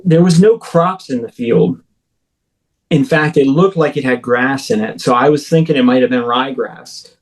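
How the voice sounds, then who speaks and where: A man's voice: medium pitch, normal speed, poor audio. A man in his thirties, an interview guest, telling a personal story vividly, with frequent halts and restarts. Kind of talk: recounting a personal experience in an interview.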